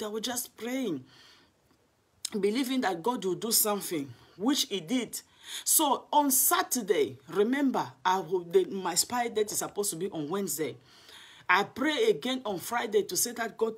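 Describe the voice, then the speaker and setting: Husky woman giving earnest testimony. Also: mid-range voice. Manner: earnest, emotional storytelling with many restarts. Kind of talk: personal testimony. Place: home in London.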